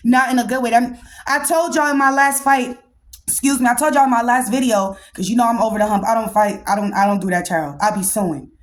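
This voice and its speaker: A woman in her thirties with a high voice, talking quickly as she recaps a reality show for her podcast. She is blunt, animated and full of slang, keeping up a casual, opinionated flow. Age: 30s. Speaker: podcast host.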